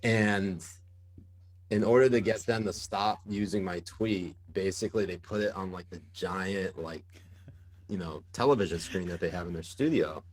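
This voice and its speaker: A man's voice: sits low, moderate pace. A man in a casual podcast interview, telling stories with lots of fillers and bursts of laughter. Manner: animated, laughing storyteller with many fillers. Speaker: podcast guest, journalist.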